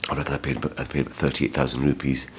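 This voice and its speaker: A man's voice: a bass voice, little pitch movement, very fast, a little hiss or hum. Rambling, cursing male travel vlogger. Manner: swears often, rambling and heated, with many restarts. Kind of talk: vlog storytelling.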